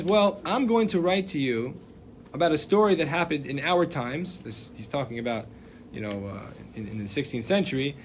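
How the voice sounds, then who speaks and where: A man's voice: fairly high pitch, a little hiss or hum. A man, a rabbi, teaching a class in an informal, digressive way, with many fillers and restarts. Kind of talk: informal lecture.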